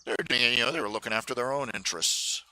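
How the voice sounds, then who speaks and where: A man's voice: mid-range voice, sharp tone. A man hosting a live stream, talking in a rambling casual monologue full of fillers and restarts. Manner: halting, many fillers and restarts, mocking put-on accents in quotes.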